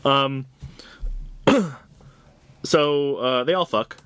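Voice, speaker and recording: A man's voice: mid-range voice, very slow, a bit bright, smooth, no room sound. A man co-hosting a podcast, discussing a comic book in casual chat, blunt and profane with a dry, sarcastic edge. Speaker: podcast co-host.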